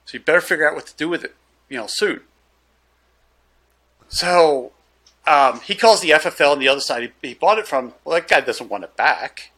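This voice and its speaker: A gun dealer with a slightly high voice tells a story in casual chat at normal speed, pausing often. He's an animated, loose storyteller who acts out the dialogue.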